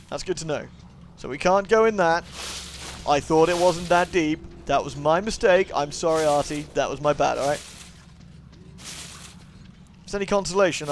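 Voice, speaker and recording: A man's voice: on the high side, a little hiss or hum. A young man giving casual, jokey let's-play commentary, swearing and chatting to the game character. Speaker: gaming YouTuber.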